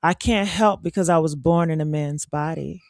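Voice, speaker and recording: A woman's voice: low voice, moderate pace, darkish tone, dry recording, clean studio sound. A trans woman hosting a casual livestream chat, talking in a sassy, blunt and emphatic way.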